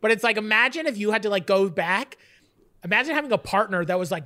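A young man from Southern California co-hosts a comedy podcast, riffing in a rambling, animated way. His voice is bright and keen, and his pitch leaps up and down constantly as he talks. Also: fast. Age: 20s. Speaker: podcast co-host. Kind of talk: casual comedic podcast banter.

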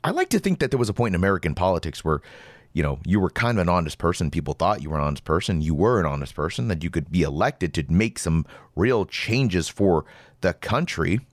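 Sarcastic ranting male host, very animated. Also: sits low, brisk, dry recording, studio quality. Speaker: podcast host. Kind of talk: opinionated commentary monologue.

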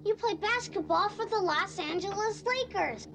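A man's voice: extremely high pitch, normal speed, noisy background. A young boy passenger eagerly pestering a pilot, in a movie clip played on the radio. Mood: insistent. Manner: eager, insistent.

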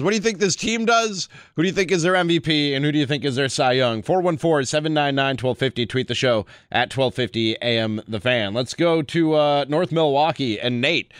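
Man, sports radio host, crisp bright voice, dry studio sound. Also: mid-range voice, dry recording. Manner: energetic, chatty, quick to laugh.

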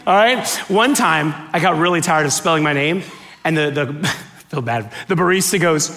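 A man from Miami preaching to a church audience, joking and acting out bits of dialogue in an animated way. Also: fairly high pitch, normal speed. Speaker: guest preacher. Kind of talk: sermon with comic storytelling. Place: church auditorium with live audience.

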